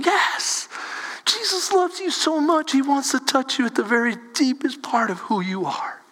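A man preaching a sermon as a pastor, animated and calling on the congregation for responses. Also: extremely high pitch, a little slow, long reverb tail.

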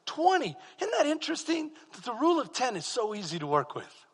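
A man with a Texan accent preaching a sermon as pastor, swinging from quiet asides to fervent exclamations. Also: extremely high pitch, wildly swooping pitch, a little fast, gravelly, slightly rough, big-room sound.

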